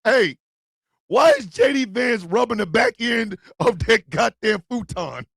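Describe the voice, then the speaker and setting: A man hosting a stream, ranting and joking loudly with profanity and frequent laughter. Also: extremely high pitch, big pitch swings, measured pace, creaky, husky, dry recording, clean studio sound. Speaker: streaming show host. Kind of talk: casual comedic rant.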